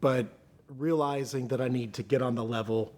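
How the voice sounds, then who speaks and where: Male interview guest, mid-range voice, candid and halting delivery. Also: mid-range voice, fairly even intonation, a little mellow. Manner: earnest, halting, restarts often. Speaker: podcast guest.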